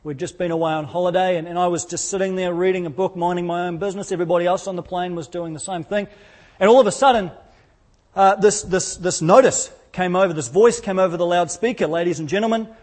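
Kiwi pastor guy preaching, high-ish voice, acts out all the quotes. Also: fast talker. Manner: animated storytelling, acting out quotes. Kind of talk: sermon.

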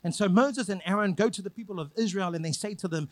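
A man preaching a sermon, retelling a scripture story with lively acted quotes and repeated phrases. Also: sits high, quick pace, few pauses, dry recording.

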